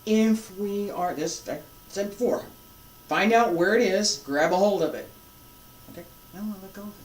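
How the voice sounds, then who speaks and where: A qigong instructor guiding a breathing lesson with calm, unhurried cues and conversational asides. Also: medium pitch. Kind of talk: guided breathing lesson with reflective talk. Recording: roomy and distant from the mic.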